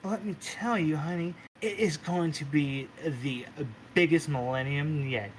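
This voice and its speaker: Man voicing a flamboyant goddess big sister, sassy and doting, pitched up. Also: a little slow, slight background noise, natural voice, poor audio. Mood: boastful. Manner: gushing pet names, camp and sassy.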